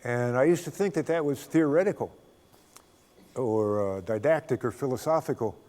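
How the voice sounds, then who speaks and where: A man's voice: mid-range voice, mellow. Older man telling stories in a reverberant hall. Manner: folksy, unhurried storyteller who chuckles often. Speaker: guest speaker. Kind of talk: spiritual storytelling talk.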